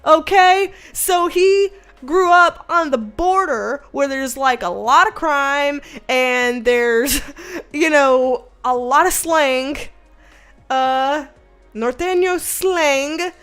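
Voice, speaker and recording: High-voiced chatty Southern woman. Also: drawn-out words, soft background music. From American South. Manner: animated, swearing, laughing storyteller. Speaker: livestream host. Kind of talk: casual livestream chat.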